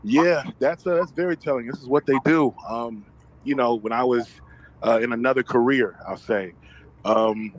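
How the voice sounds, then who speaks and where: Male guest, measured and hesitant, faint noise behind. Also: medium pitch, rough recording.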